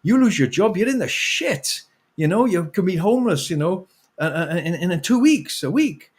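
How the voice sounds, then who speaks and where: Animated man ranting passionately. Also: high-pitched, normal speed, breathy edge. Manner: animated ranting with swearing and laughs. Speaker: author guest. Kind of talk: impassioned interview talk.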